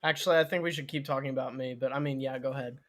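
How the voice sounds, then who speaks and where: A man's voice: medium pitch, steady tone, rapid-fire, fairly bright tone. A man co-hosting a casual podcast, teasing and dry, laughing often. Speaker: podcast co-host. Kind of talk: casual chat.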